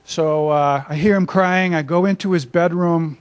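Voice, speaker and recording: Older guy presenting at a workshop, chatty, lots of uhs, higher voice. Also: steady tone, normal speed, clear, resonant tone. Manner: conversational, self-deprecating, many filler uhs. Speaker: academic speaker. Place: conference room.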